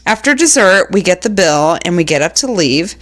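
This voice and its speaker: A young adult woman with a lowish voice co-hosts a podcast, reading listener stories aloud at a moderate pace. Her manner is casual, amused and animated; she laughs often and acts out children's voices.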